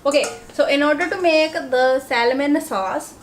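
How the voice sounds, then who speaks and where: A woman's voice: high-pitched, unhurried, slight background noise. A young woman with an Indian accent, chatting casually to the camera while cooking in her home kitchen, self-deprecating and talkative. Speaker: home cook vlogger.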